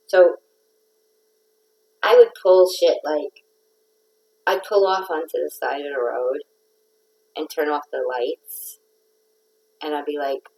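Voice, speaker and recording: A woman's voice: low-pitched, a little slow, long pauses, a little mellow, poor audio. A middle-aged woman hosting a casual livestream, telling a rambling, playful story. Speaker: host of a craft livestream.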